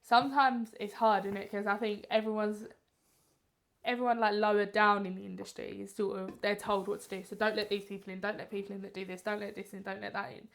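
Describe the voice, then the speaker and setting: A woman's voice: mid-range voice, level tone, a little fast, vocal fry, fairly bright tone. A woman guest, an actress and drama teacher, chatting casually in a friendly, emphatic way. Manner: friendly, emphatic, laughs easily. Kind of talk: casual chat.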